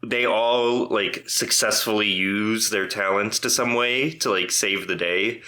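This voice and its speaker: A man co-hosting a podcast in casual chat, animated and prone to profane rants. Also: fairly low pitch, unhurried. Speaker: podcast co-host. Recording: roomy echo.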